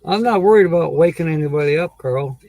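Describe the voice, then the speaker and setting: Higher-voiced man rambling on a livestream. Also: fast, darkish tone, rough recording. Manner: rambling, easygoing, chuckles often. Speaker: livestream host. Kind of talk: casual livestream chat reading viewer comments.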